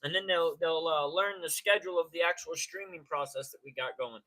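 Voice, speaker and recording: A man hosts a loose, casual live stream and keeps greeting his chat by name. His voice sits a little high and sounds bright and forceful. He talks in easy slang. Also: brisk.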